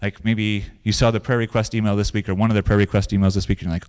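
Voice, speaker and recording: A man's voice: fairly low pitch, flat delivery, racing, few pauses, a little mellow, clear, resonant tone. A man preaching a sermon in a conversational way, telling stories and repeating phrases for emphasis. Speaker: pastor.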